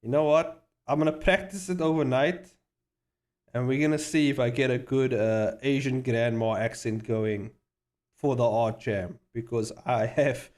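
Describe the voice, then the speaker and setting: A man's voice: medium pitch, fairly even intonation, measured pace, a little mellow. Rambling man streaming. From South Africa. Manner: rambling, laughs often, swears casually. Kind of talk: casual livestream chat.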